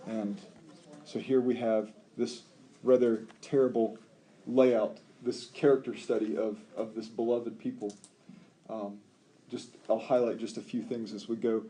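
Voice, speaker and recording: A man teaching a Bible study, talking in an animated, emphatic way with rhetorical questions and frequent ums. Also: medium pitch, a little slow.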